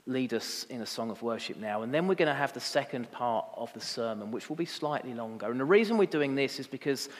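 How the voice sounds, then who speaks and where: A man preaching a sermon as pastor, rising to impassioned emphasis and dropping to quiet reflection. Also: mid-range voice. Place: church. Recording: long reverb of a church hall.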